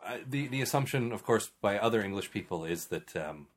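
A man with a fairly low voice hosts a casual podcast chat. He reads out listener questions and rambles through his answers, restarting sentences often. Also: animated, a little fast. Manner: rambling, restarts often, chuckles between remarks.

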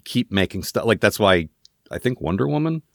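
A man co-hosting a podcast, talking casually with rambling, lively asides. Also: fairly low pitch, fairly quick, vocal fry, no room sound, studio quality. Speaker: podcast co-host. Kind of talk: casual chat.

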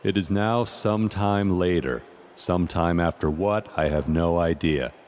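A man voicing a sarcastic, bored announcer at a convention, deadpan in tone. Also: deep voice, measured pace, a little hiss or hum.

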